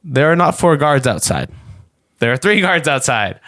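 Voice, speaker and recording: A man's voice: on the high side, sing-song, normal speed, fairly bright tone, dry recording. A man narrating a tabletop role-playing session as game master, describing scenes and calling for rolls.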